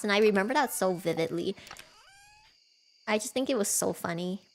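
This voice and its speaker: Streaming a cozy farming game from home, a woman chats casually with her viewers, giggling often and making fun of herself. Her mid-range voice moves at a normal speed, and there's a little hiss or hum in the background.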